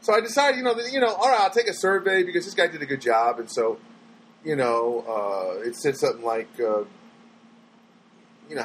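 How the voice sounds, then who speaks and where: A man's voice: fairly high pitch, fairly quick, slight background noise, rough recording. A man telling everyday stories to his viewers in a rambling, exasperated way, with frequent restarts, and mimicking other people in his quotes. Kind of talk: casual storytelling monologue.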